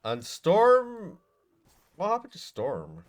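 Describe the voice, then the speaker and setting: A man casting a live esports match, calling plays excitedly and then breaking down the fight in a relaxed way. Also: high-pitched, slow pace. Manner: excitable play-by-play shifting to relaxed analysis. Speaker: esports caster. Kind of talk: live game commentary.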